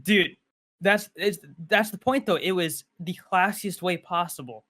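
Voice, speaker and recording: A man co-hosting a podcast, talking casually and haltingly, restarting his sentences. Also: sits high, bright, forceful tone. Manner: halting, many fillers and restarts. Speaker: podcast co-host. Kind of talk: casual chat.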